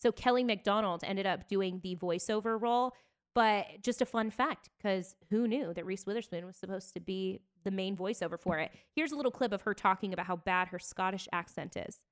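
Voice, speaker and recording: A woman co-hosting a casual podcast, trading celebrity gossip in a chatty way. Her voice sits at an ordinary middle pitch. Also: brisk. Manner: chatty, gossipy storytelling with bursts of laughter. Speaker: podcast co-host. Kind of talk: casual chat.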